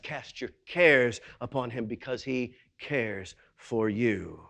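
A male pastor preaching a sermon, swinging between loud, emphatic stretches and low, quiet ones, with quick rhetorical questions. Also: creaky.

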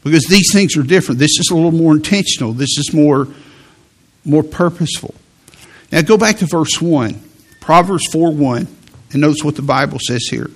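Gravelly emphatic preacher man. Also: fairly high pitch. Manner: slow emphatic preaching, quoting scripture. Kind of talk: sermon.

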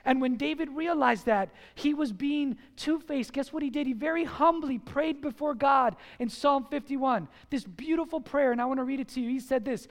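A man's voice: very high voice, moderate pace, few pauses. A man preaching a sermon as pastor in a church, emphatic and full of rhetorical questions.

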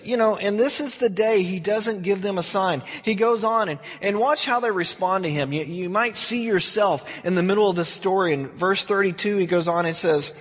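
A man's voice: sits high, fairly bright tone, slightly rough, long reverb tail. A man preaching a verse-by-verse sermon in a conversational way, often restarting and repeating words. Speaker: pastor.

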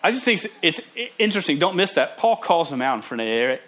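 A young man preaches to students in a lively, playful way. His voice sits a bit high for a man. He jokes often and stumbles over his words as he goes. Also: quick pace. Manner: animated, joking, with frequent restarts. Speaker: student ministry pastor. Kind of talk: sermon.

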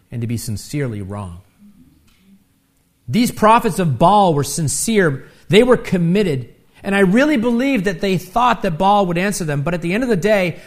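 A man preaching a sermon, animated and conversational, with asides and tag questions, rising loud when he acts out the taunts. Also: on the high side. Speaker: pastor.

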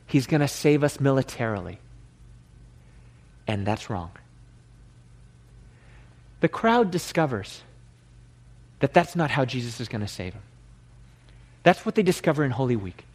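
A man's voice: mid-range voice, very animated, unhurried, pauses often, slightly rough. A male pastor preaching a sermon in an earnest, conversational way.

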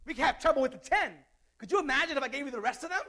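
A man's voice: extremely high pitch, animated, very fast, sharp tone. A man preaching a sermon in a conversational way, mixing scripture with jokes and asides.

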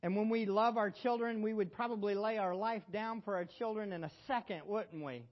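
A middle-aged man preaching a sermon in a church, swinging between loud exhortation and hushed emotion and asking the congregation questions. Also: sits high, steady tone, a little fast. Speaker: pastor.

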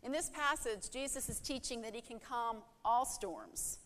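A woman's voice: fairly high pitch, lively intonation, a little slow, a bit bright. Woman preaching in a reverberant hall. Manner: earnest, rhetorical questions, acts out prayers. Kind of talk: sermon.

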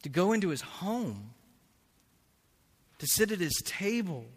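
A man preaching a sermon as pastor, slow and emphatic, swinging between hushed and loud passages. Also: sits high, sing-song, slightly rough. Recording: long reverb of a large hall.

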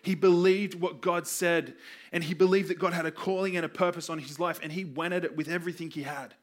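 A man's voice: fairly high pitch, fairly even intonation, brisk. A man preaching a sermon, telling stories earnestly and acting out the people in them. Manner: earnest storytelling, acts out quoted voices.

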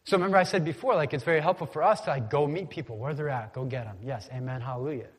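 A man's voice: fairly high pitch, very fast, husky, in a large hall. A man preaching a casual, conversational sermon, often asking the congregation to repeat words after him. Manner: casual, conversational preaching with call-and-response prompts. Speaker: pastor.

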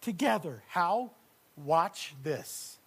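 A man preaching a sermon, moving from quiet, hushed passages to loud, shouted high points. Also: animated, drawn-out words, slightly rough. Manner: dynamic preacher, swings from hushed near-whispers to loud shouted climaxes. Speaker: pastor.

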